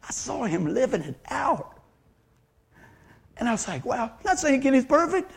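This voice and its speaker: A man preaching a sermon, telling stories in an animated way that swings from hushed to loud. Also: a little high, gravelly, husky.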